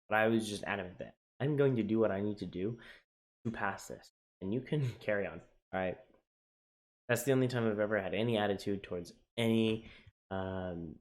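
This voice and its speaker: A young man tells his own story in a casual vlog with a lowish voice. He is candid and emotional, drops his voice for heavy moments and lifts it when excited. He swears casually and often starts his sentences over. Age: young adult. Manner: frequent fillers and restarts, casual swearing. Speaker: navy sailor sharing his journey.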